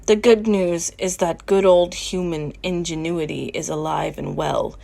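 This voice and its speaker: A woman playing a cold, scheming leader in a fan audio drama, speaking in measured, menacing tones. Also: fairly low pitch, steady tone, vocal fry, warm tone. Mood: coldly scheming. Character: cold scheming woman leader plotting against a living island.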